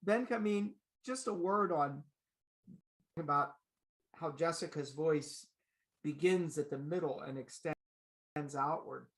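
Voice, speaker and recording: A middle-aged man, a vocal coach and pianist, chatting in an interview and telling stories with lively warmth. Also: a little high, slow, pauses often. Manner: lively anecdotal storyteller. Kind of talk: conversational interview.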